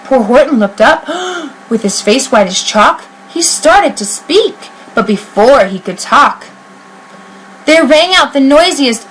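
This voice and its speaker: A woman's voice: high-pitched, takes it slowly, rough recording. Woman reading a rhyming picture book. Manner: expressive, sing-song rhyming delivery. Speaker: reader. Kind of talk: reading a children's book aloud.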